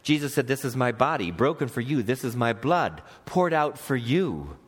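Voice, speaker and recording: A man's voice: mid-range voice, sing-song, normal speed, husky. A middle-aged male pastor preaching a sermon in church in a conversational way, quoting scripture and putting questions to the congregation. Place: church sanctuary.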